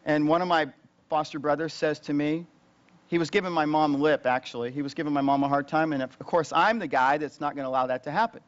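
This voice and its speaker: A man who is a pastor, preaching a sermon in a conversational, storytelling way, growing louder and higher as he relives tense moments. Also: fast talker, highs cut off. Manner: conversational, rising loud and high when retelling tense moments.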